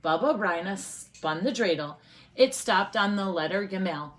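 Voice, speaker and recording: A woman teacher reading a picture book aloud to children, expressive and often asking the listeners questions. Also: mid-range voice, moderate pace.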